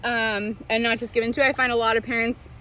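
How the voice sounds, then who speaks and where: A woman's voice: on the high side, flat delivery, fast talker, sharp tone. A young woman, a swim instructor, giving tips to parents at a pool, switching into sing-song baby talk. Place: swimming pool.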